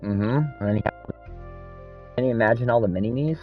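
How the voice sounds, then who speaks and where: A man's voice: medium pitch, a little fast, phone-quality sound, soft background music. A man in casual chat, telling long rambling stories full of swearing. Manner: rambling, profane storytelling.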